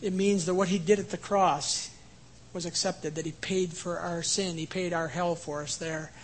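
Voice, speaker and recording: A man preaching an earnest sermon, who later leads a quiet prayer. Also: high-pitched, steady tone, moderate pace, husky, poor audio. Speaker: pastor.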